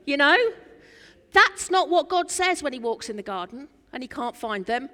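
An English woman preaching a sermon, earnest and rhythmic with much repetition, swinging between loud and soft. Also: sits high, moderate pace. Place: church. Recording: long church hall reverb.

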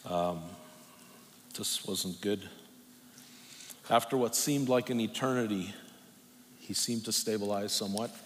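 A middle-aged man preaching a personal testimony, telling it in a halting, emotional way with long pauses. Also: fairly low pitch. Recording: long reverb from a hall, faint noise.

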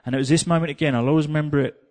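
Lively English preacher, a man. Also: fairly high pitch, rapid-fire. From England. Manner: lively storyteller, sings snippets, self-mocking. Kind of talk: sermon with personal storytelling.

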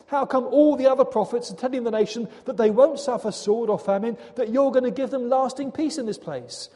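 Anguished prophet, pleading and raw, high and mellow, a man acting him out in a sermon. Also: a little fast. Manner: pleading, rising questions. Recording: long hall reverb.

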